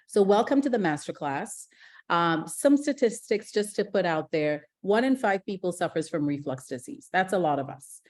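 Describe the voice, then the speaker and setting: This is a middle-aged woman, born in Ghana, running an online masterclass on digestive health. Her voice sits a little low for a woman. She talks with eager energy, full of fillers and quick self-corrections. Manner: energetic, chatty, frequent fillers and restarts. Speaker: gastroenterologist presenting a masterclass. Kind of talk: live online masterclass talk.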